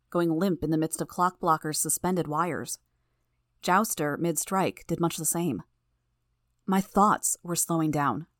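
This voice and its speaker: A woman's voice: lowish voice, dry recording. Woman narrating an audiobook, dry sound. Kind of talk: first-person audiobook narration.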